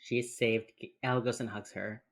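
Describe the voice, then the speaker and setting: A woman's voice: very deep voice, normal speed. A woman co-hosting a podcast, chatting casually and laughing as she recaps a TV episode. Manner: laughing, animated, acts out characters in quotes. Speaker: podcast co-host. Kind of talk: casual chat recapping a TV show.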